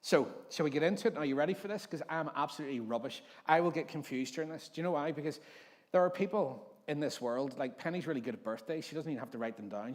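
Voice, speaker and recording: Northern Irish pastor in a reverberant hall. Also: male voice, mid-range voice. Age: 40s. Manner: jokey storytelling, acts out overheard voices. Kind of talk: conversational sermon. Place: church hall.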